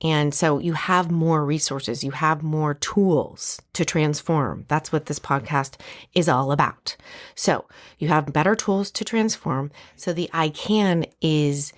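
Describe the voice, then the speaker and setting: A woman speaking on a podcast as a heart healer, explaining ideas in a calm, measured way. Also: low voice. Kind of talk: conversational podcast teaching.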